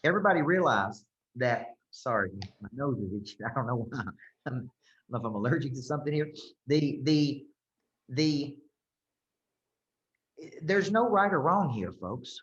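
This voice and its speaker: A man's voice: mid-range voice, expressive, moderate pace, pauses often, a bit bright. A man coaching a group, speaking emphatically and checking in often with "okay?" and "right?". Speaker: business coach. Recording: roomy, slightly dull sound.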